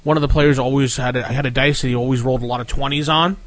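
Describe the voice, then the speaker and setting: A man co-hosting a casual gaming podcast, sharing quick anecdotes. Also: medium pitch, fairly even intonation, fairly bright tone, no room sound. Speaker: podcast co-host. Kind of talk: casual chat.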